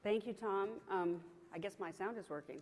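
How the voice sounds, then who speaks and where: A woman's voice: medium pitch, normal speed, darkish tone. A woman in her sixties with a faint Southern accent, moderating a conference panel in a chatty way with many fillers and restarts. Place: large conference hall. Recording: hall reverb, faint background noise.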